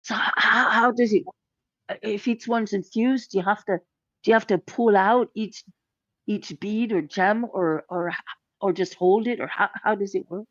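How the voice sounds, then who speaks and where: A woman's voice: medium pitch, normal speed, dry recording. A woman playing a tabletop game, asking questions hesitantly, on a slightly muffled mic. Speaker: player. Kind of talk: casual tabletop play.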